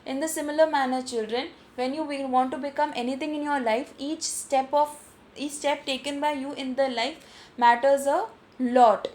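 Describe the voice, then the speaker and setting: A woman's voice: high voice, steady tone, moderate pace, darkish tone. A woman teacher with an Indian English accent, giving an online literature lesson and reading a story aloud with vocabulary instructions. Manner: instructive, repeats phrases, frequent restarts.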